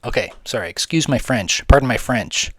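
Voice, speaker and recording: A man's voice: fairly low pitch, fairly even intonation, moderate pace, fairly bright tone, no echo. A young man giving casual, rambling gameplay commentary, slangy, jokey and swearing freely. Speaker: gaming video host.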